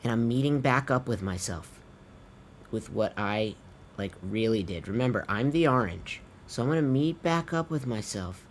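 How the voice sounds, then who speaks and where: There's a little hiss or hum as a music producer with a medium-pitched, lively voice guides viewers through vocal tuning at a moderate pace. His screen-recorded tutorial is laid-back and chatty, with offhand swearing and viewers called his friends.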